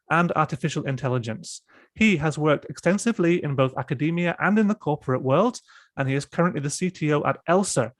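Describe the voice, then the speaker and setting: A man's voice: on the high side, dry recording. Guy demoing an app on a video call, keeps restarting his sentences, uh um a lot, dead dry audio. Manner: halting, explanatory, many fillers and restarts. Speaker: presenter demonstrating software. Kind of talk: online panel discussion.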